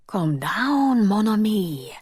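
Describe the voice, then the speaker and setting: A woman voicing a calm, soothing French vampire man with a French accent. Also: high-pitched, slow, breathy edge, no echo, studio quality, voice pushed up, full character voice. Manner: soft-spoken, soothing.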